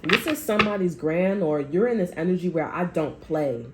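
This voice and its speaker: A woman's voice: on the low side, expressive, moderate pace, heavy background noise. A woman giving a casual tarot reading, blunt and rambling, with heavy swearing and frequent repetition. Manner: rambling, repeats herself. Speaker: tarot reader.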